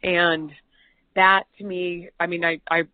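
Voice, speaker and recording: A woman's voice: lowish voice, flat delivery, slow, dry recording. A woman, a TV news host, telling chatty, self-deprecating stories as an interview guest. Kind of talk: conversational storytelling. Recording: tinny phone-like line, dry.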